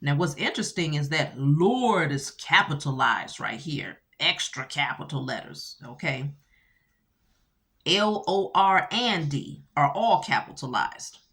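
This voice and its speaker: A woman teaching scripture casually, animated and full of rhetorical questions. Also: deep voice, unhurried. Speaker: Bible teacher.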